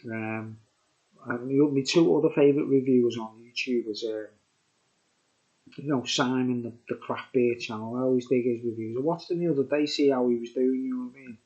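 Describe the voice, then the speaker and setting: A beer review vlogger from Birkenhead, England, rambles through a casual vlog in a Birkenhead Scouse accent, repeatedly saying "you know what I mean". His mid-range voice is steady, fairly quick, and dark in tone, with the highs cut off.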